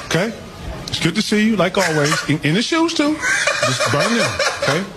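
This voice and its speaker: A man's voice: high voice, huge pitch swings, moderate pace. A man on a TV broadcast, teasingly and insistently ribbing a co-host on air. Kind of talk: on-air banter. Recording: noisy broadcast audio.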